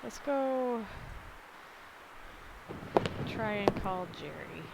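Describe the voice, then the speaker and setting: A woman's voice: mid-range voice, expressive, very slow, gravelly. A woman casually commenting on a game she plays, rambling and making fun of herself. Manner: rambling, self-mocking. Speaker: game streamer. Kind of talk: casual let's-play commentary. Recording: loud hiss.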